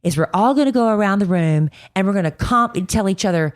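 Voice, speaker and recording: A woman co-hosting a podcast, telling a story in a casual, animated way and acting out other people's voices as she goes. She is getting over a cold. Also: medium pitch, a little fast. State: fighting a cold. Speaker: podcast co-host.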